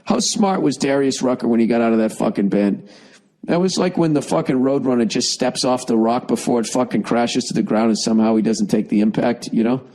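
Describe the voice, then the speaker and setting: A man's voice: medium pitch, a little fast, darkish tone, poor audio. A man hosting a podcast, reading a listener email and giving blunt, profane advice in a rambling comedic rant with a Boston accent, while fighting a cough.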